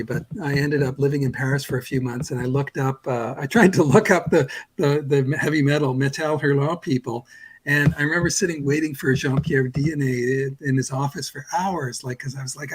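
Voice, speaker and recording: A man's voice: mid-range voice, slightly rough, poor audio. A man in his sixties from Canada, a guest comics artist telling a long rambling anecdote in casual chat, self-deprecating and full of restarts. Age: 60s.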